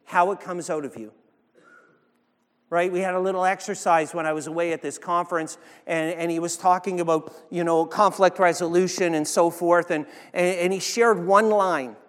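A man preaching a sermon as pastor, swinging between loud emphatic peaks and hushed low passages, with frequent restarts. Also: in a large hall.

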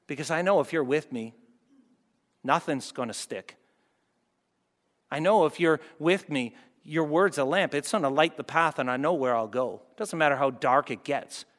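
A man preaching a sermon as pastor, moving between loud fervent peaks and hushed, soft passages. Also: on the high side, moderate pace. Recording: long hall reverb.

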